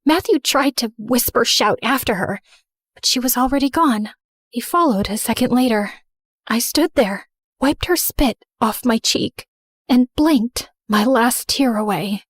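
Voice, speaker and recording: A woman's voice: a little high, unhurried, no room sound, studio quality. A woman narrating a dramatic first-person story in an earnest storytelling manner.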